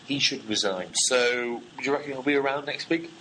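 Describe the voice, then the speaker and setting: A man's voice: mid-range voice, fairly quick, pushed and bright, a little hiss or hum, low-quality recording. A middle-aged man co-hosting a comedy podcast, chatty, reading out headlines and playing along with the jokes. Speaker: podcast co-host. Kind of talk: satirical comedy chat.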